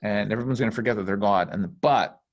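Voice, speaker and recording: Deep-voiced man, blunt spiritual talk. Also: fast. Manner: blunt, swears freely, intense and rambling. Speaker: spiritual teacher. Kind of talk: casual spiritual talk on a call. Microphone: call microphone.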